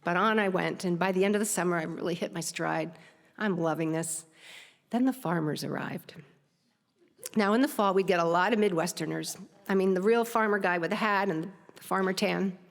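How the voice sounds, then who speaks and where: On a theater stage in a reverberant hall, a woman with a lowish, creaky voice tells a personal story at a moderate pace. She's lively and self-mocking, laughing at her own tale.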